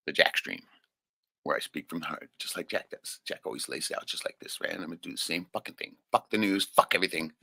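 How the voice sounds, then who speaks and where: Gravelly, husky man talking raw and profane. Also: low-pitched, sharp tone, dry recording. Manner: profane and raw, with frequent "right?" tags. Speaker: livestream host. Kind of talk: emotional, unscripted stream monologue.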